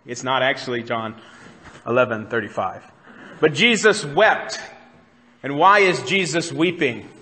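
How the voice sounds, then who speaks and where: A man's voice: medium pitch, measured pace, long pauses, bright, forceful tone, long reverb tail. A man preaching a sermon as pastor, talking in a conversational way and putting questions to the congregation. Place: church sanctuary.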